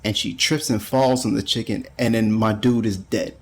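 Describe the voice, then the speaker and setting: A man's voice: lowish voice, fairly even intonation, moderate pace, slight background noise. Laughing slangy man reviewing manga. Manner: laughs often, slangy, rambling. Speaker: anime reviewer. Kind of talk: casual manga review chat.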